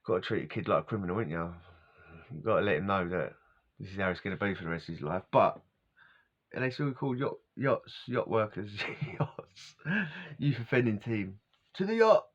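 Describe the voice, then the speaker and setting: Middle-aged man vlogging, lowish voice, wandering casual chat, muffled lo-fi recording. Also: animated, moderate pace. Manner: casual and wandering, laughs often, loses his words. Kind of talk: rambling personal storytelling. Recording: dull lo-fi recording.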